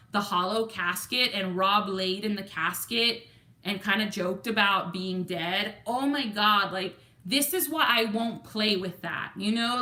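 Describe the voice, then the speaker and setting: A woman's voice: mid-range voice, bright, forceful tone, roomy sound. Chatty Texan woman livestream host. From Texas. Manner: chatty, reads viewer comments aloud and counts numbers. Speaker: lottery scratch-off livestream host. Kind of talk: casual livestream chat.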